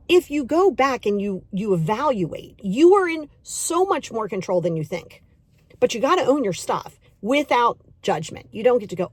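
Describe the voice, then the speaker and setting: A middle-aged woman hosting a podcast and giving a motivational self-help talk, emphatic and repetitive, coaxing the listener directly and acting out inner voices in quick asides. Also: fairly high pitch, very animated, breathy edge. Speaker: podcast host and self-love coach.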